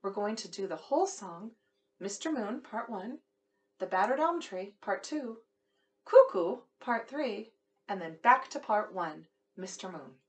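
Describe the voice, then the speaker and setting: A woman music teacher patiently explaining a song to children in a simple, gentle way. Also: medium pitch, expressive, measured pace.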